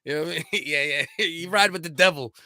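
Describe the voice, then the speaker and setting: A man's voice: fairly high pitch, fast, bright, forceful tone, no echo, studio quality. A man from Staten Island with a New York accent, co-hosting a podcast in crude, rambling, laugh-filled banter. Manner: rambling, laughs often, swears a lot. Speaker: podcast co-host.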